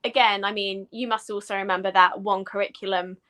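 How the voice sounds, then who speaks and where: A woman with an English accent, a guest in a casual podcast interview, explaining things in a measured way with frequent ums and you-knows. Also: medium pitch, fairly even intonation, a bit bright. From England. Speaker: guest, education professor.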